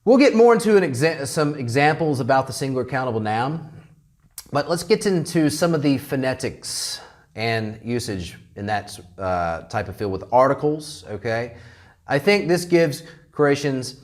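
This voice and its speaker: Casting note: American male English teacher, lively rising-falling delivery, unhurried classroom lecture, keeps asking "okay?". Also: on the high side. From United States. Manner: animated, checks in constantly with "okay?".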